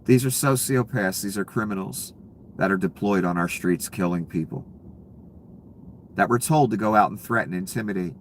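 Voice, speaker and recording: A man's voice: lowish voice, normal speed, slight background noise. Profane, heated male political commentator. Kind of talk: angry political rant.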